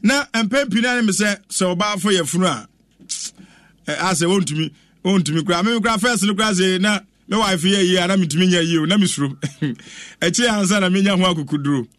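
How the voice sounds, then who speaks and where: A man with a Ghanaian accent presenting a lively radio chat, exclaiming and chanting as he reacts. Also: high-pitched, brisk, no room sound. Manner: animated, exclaims and chants, mixes English with Twi.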